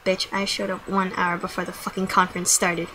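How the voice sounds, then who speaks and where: A woman's voice: fairly low pitch, little pitch movement, brisk, sharp tone, slight background noise, rough recording. Profane ranting teenage girl vlogging. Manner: profane, blunt storytelling with quoted dialogue. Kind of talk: casual vlog rant.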